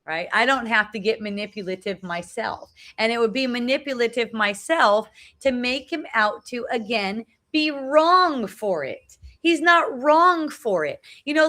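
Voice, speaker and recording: An earnest middle-aged woman talks casually on a live phone video, circling back over her own phrases and checking in with "right?" Her voice sits a little high and rings bright and forceful. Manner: earnest, repeats phrases, frequent tag "right?". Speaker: spiritual talk host. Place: outdoors at a beach.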